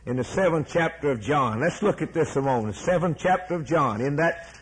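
Husky-voiced preacher delivering a sermon. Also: male voice, on the high side, expressive, brisk, rough recording. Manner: emphatic, repeats key words, ends in prayer.

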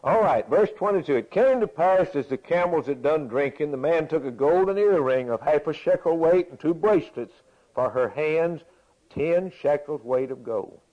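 A man's voice: on the high side, animated, normal speed. A man preaching a sermon, reading scripture aloud and explaining it in a folksy way, repeating his phrases for emphasis. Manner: folksy, repeats phrases, chuckles between points. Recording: dull lo-fi recording.

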